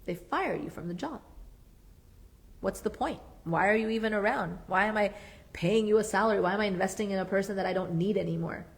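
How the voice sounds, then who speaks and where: Woman therapist, workshop speaker, emphatic and animated, mid-range voice. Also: mid-range voice, fairly quick, vocal fry. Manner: earnest, emphatic, repeats key phrases. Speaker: psychotherapist leading a marriage workshop. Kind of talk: workshop talk.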